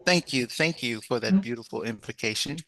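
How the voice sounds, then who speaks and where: A man leading a club meeting as its president, telling a joke as a lively storyteller with small restarts. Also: medium pitch, fairly quick.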